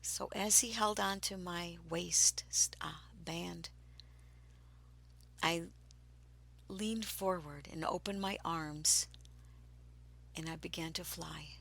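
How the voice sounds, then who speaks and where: A woman telling a personal spiritual story, slow and breathy, sometimes dropping to a whisper and sometimes turning emphatic. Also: fairly low pitch, low-quality recording. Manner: grows excited and emphatic.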